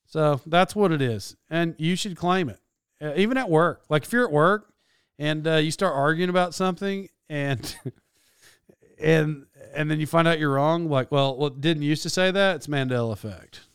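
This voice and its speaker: Man, fairly high voice, clean and dry; rambling casual host, lots of restarts. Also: normal speed, clear, resonant tone, no echo. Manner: rambling, self-correcting, animated. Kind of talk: casual monologue.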